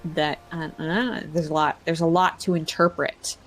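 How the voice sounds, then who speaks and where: A woman's voice: deep voice, fairly even intonation, normal speed. Playful woman hosting a game stream. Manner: playful, reads chat aloud. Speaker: stream host. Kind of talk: casual gaming stream chat.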